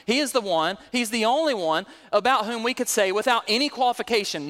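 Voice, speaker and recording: A man's voice: high voice, expressive, fairly quick, hardly any pauses, a bit bright. A man preaching a sermon, working verse by verse through scripture with rhetorical questions and building to emphatic peaks. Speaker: pastor. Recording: long hall reverb.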